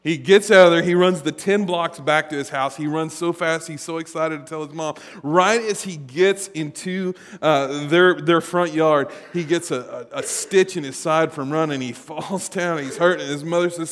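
A man preaching a sermon, telling stories in an animated way and acting out the voices. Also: on the high side, moderate pace, hardly any pauses. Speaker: pastor. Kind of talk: sermon with storytelling. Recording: long hall reverb.

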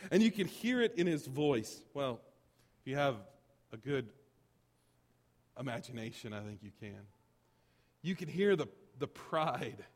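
A man preaching a sermon as pastor, animated and rising to loud emphatic bursts. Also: medium pitch, long reverb tail.

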